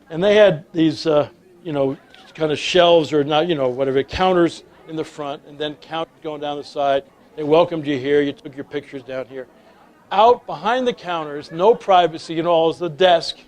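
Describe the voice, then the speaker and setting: A middle-aged man giving a storytelling lecture on leadership, with animated anecdotes that swing from loud to hushed. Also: fairly high pitch, normal speed. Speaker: speaker on leadership.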